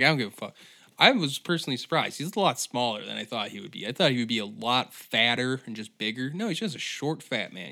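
A man's voice: mid-range voice, pushed and bright. A man hosting a solo comedic podcast, telling stories in a profane, rambling rant. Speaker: podcast host.

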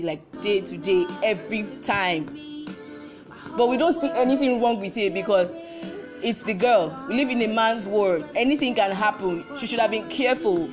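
A woman's voice: mid-range voice, a little mellow. A young woman tells a role-reversal story, firing off repeated rhetorical questions.

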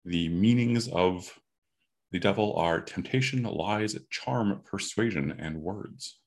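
Deep-voiced man running a tabletop game. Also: darkish tone. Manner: deliberate, halting description. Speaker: game master.

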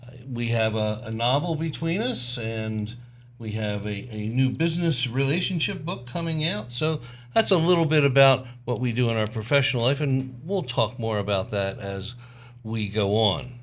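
A man's voice: mid-range voice, animated, moderate pace, slight background noise. Easygoing older man co-hosting. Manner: easygoing, joking. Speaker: podcast co-host. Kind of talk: casual chat with spouse.

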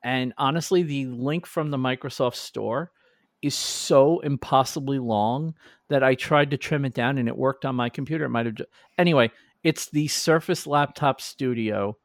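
A man's voice: mid-range voice, dry recording, studio quality. A man hosting a podcast in casual chat, talkative and self-deprecating. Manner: chatty, self-deprecating, quick restarts. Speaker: podcast host.

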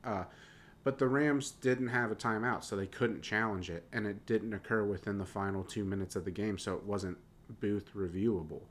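There's slight background noise as a young co-host with a Southern accent talks sports on a casual podcast, lively and dropping his g's on -ing words. His pitch is fairly low and his speed normal.

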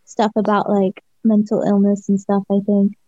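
A woman's voice: mid-range voice, monotone, normal speed, warm tone, no room sound. Casual podcast co-host, a woman; meandering, filler-heavy talk, slightly dull lo-fi mic, dry. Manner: rambling, heavy use of "like", laughs often. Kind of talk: casual chat.

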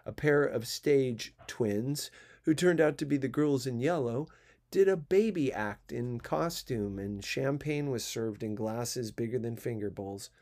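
An audiobook narrator reads a classic novel aloud, his mid-range voice carrying a measured, even storytelling style suited to literary reading.

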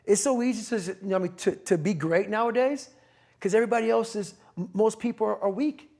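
A man's voice: high voice, quick pace, vocal fry, a little mellow. A middle-aged man speaking as an interview guest, blunt, profane and emphatic in an intense motivational way. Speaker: podcast guest.

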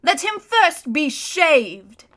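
A woman voicing a cruel, commanding witch queen who shouts orders in a shrill, gloating way. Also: sing-song, extremely slow, heavily acted.

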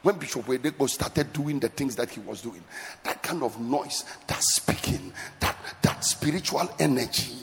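A man preaching a sermon as pastor, swelling into shouts and sing-song cadences. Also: medium pitch, expressive, normal speed, gravelly. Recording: reverberant church hall with faint music.

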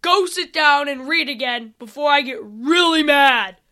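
Bold hotheaded boy hero , lady reading his lines, blunt, high bright voice. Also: lively intonation, normal speed. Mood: irritated. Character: boy hero with dark powers, bold and hot-tempered.

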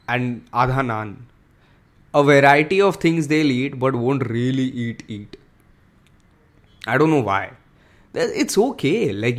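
Young guy ranting on his podcast, swears a lot, switches into hindi. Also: mid-range voice. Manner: profane, joking, mixes in Hindi phrases. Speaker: podcast host. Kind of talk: casual solo podcast rant.

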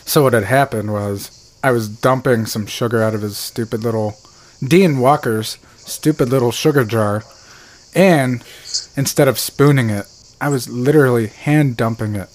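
Podcast guest dude, wisecracking, teasing his buddy, mid-pitch voice. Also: moderate pace. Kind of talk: casual banter.

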